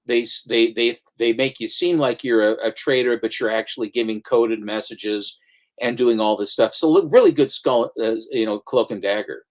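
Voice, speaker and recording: A man's voice: medium pitch, normal speed. A man hosting a casual chat about comics, rambling through stories with many restarts and asides. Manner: rambling storyteller, restarts, slips into comic voices. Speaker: comic shop owner and channel host.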